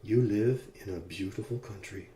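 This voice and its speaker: A man's voice: medium pitch, lively intonation, normal speed, darkish tone, natural voice. A man reading a polite older traveler. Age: 60s. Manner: polite, plain-spoken. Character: curious older male traveler, polite and eager. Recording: roomy echo.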